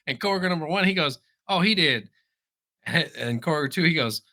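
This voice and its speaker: Bright-voiced man telling stories. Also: on the high side, moderate pace. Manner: animated storyteller, laughs often, swears freely. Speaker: podcast co-host. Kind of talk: casual chat.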